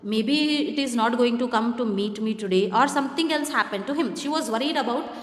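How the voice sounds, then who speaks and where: A woman's voice: on the high side, a little fast. Echoey Indian English teacher woman. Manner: reads the text, then explains it plainly, spelling out words letter by letter. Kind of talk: classroom lesson read-aloud and explanation. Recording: echoey room with long reverb.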